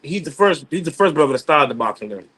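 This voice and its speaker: A man in casual chat on a video call from his office, talking in loose slang with lots of halting restarts. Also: a little high, very animated, fairly bright tone, slightly rough. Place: office at work.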